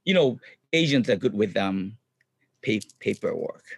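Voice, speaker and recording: A middle-aged man, a guest chatting in an interview in upbeat, halting English full of ums. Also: on the low side, animated. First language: Japanese. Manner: upbeat, frequent ums, non-native phrasing. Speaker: guest, clown comedian and actor. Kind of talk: casual interview chat.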